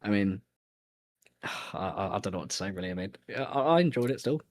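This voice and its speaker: A young man from central England with a Birmingham accent, giving a relaxed post-race interview and laughing often. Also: low voice, a little fast. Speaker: sim racing driver.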